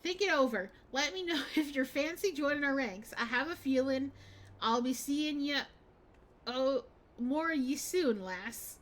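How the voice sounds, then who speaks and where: A woman voicing a long-winded female guild clerk from a seaport, with a US Southern accent and old-fashioned, drawn-out dialect speech. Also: sits high, lively intonation. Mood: friendly.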